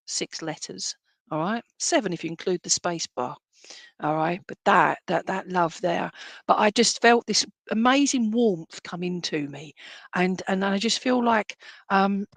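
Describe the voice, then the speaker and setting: A woman medium gives a live-streamed reading in a slightly low voice. She talks in a chatty, affectionate way, calling people "my lovely", and she often rambles and restarts. The sound is dry and close to the mic. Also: no room sound. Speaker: spiritualist medium.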